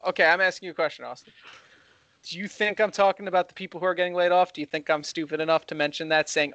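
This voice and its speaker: A young man co-hosting a heated casual debate, talking fast and getting excited as he argues. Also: sits high, dry recording, highs cut off. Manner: fast, excitable, rising when worked up. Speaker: co-host.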